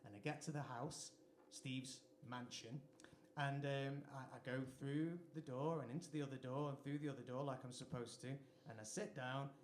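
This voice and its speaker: Onstage at a live music venue, an English singer-songwriter fills the gap between songs with a chatty, self-deprecating anecdote. His medium-pitched voice is fairly even, at normal speed with hardly any pauses. The venue sound is echoey, with a little hiss or hum.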